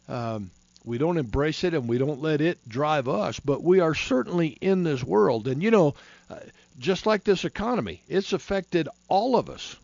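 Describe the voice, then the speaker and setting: A man's voice: fairly high pitch, a little mellow, dry recording, dull audio. A man hosting a Christian talk show on being prepared, talking in a folksy, rambling way with many restarts. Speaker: host.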